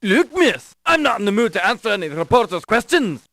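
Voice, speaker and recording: A high, blustery Irish desk sergeant. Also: male voice, big pitch swings, brisk, bright, forceful tone, slight background noise, exaggerated voice. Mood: gruff. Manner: dismissive, blustery brogue. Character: gruff Irish desk sergeant, brusque and impatient. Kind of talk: 1990s adventure game voice acting.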